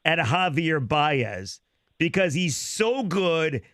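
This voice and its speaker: A man's voice: on the high side, sing-song, takes it slowly, a bit bright, no echo, studio quality. A man co-hosting a sports radio show who asks playful questions and chuckles often.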